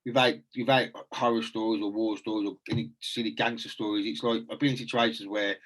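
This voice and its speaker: A man's voice: lowish voice, level tone, brisk, a bit bright. A man hosting a casual, reflective chat, earnest and rambling with frequent restarts.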